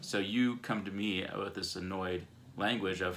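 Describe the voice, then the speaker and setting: Low, bright-voiced man explaining family scenarios. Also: fairly even intonation, unhurried. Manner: explanatory, walks through scenarios step by step. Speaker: parenting video co-host. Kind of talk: casual teaching chat. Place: home.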